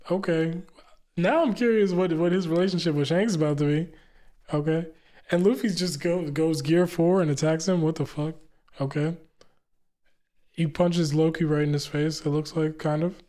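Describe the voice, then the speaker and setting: A man giving relaxed reaction commentary while reading comic dialogue aloud, chatty and laughing often. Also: a little high, moderate pace. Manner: relaxed and chatty, laughs often, keeps saying "you know what I'm saying". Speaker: manga reaction streamer.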